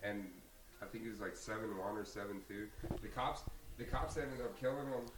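Rambling, swearing bartender telling a story. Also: male voice, fairly low pitch, moderate pace, noisy background. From Argentina. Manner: rambling, heavy on fillers and swearing. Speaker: bartender, podcast guest. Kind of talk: casual storytelling.

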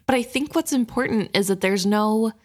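A woman's voice: on the high side, moderate pace. A woman co-hosting a casual book discussion who talks through the characters in a thoughtful, analytical way.

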